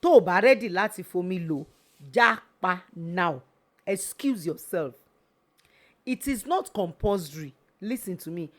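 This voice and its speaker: A woman's voice: fairly low pitch, lively intonation, unhurried. A middle-aged Nigerian woman, a radio host and family therapist, giving an emphatic motivational talk on relationships and mixing English with Yoruba. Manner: emphatic, switching between English and Yoruba, preachy.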